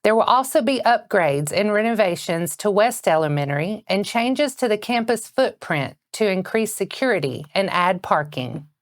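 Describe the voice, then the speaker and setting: A woman anchoring a local morning news bulletin with a Southern American accent, reading in a steady, measured way. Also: mid-range voice, dry recording, studio quality.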